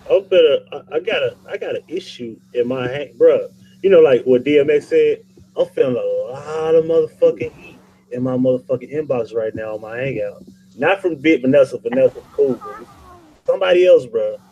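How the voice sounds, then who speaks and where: A man's voice: mid-range voice, animated, moderate pace, dark tone, highs cut off, a little hiss or hum. A man hosting a casual live-stream chat, loose, profane and rambling, getting fired up. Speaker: YouTube channel host.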